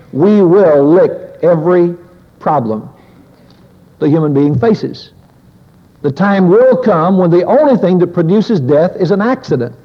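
An earnest male preacher giving a measured, reflective sermon in a slightly high, husky voice. The old lo-fi recording carries a long hall reverb.

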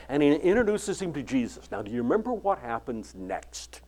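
An older man preaching a sermon, retelling the Bible story and acting out its dialogue with lively inflection. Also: high-pitched, brisk, few pauses. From California.

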